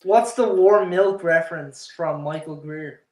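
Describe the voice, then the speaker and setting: A young man joining a late-night video chat as a guest, sleepy and low-key. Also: a little slow, darkish tone, reverberant. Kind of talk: casual chat.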